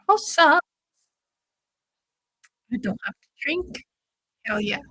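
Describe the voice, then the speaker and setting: Slow-talking bright-voiced woman streamer. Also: sits high. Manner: excitable, swears freely, says "dude" a lot. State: drinking shots while streaming. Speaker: livestream host. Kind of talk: casual watch-along chat.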